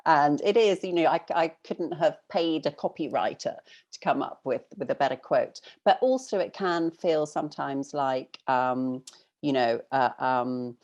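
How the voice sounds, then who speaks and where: Low-voiced British woman, chatty and thoughtful. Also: unhurried, darkish tone, muffled recording. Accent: British English. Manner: chatty, thoughtful, laughs often. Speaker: novelist guest. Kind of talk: casual interview chat.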